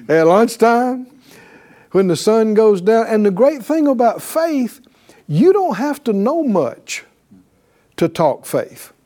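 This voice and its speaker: Male preacher, high lively voice, slow measured delivery, warm mellow tone, calls for responses. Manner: animated, calls for responses with "right?"; acts out voices of believers speaking faith. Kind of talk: sermon.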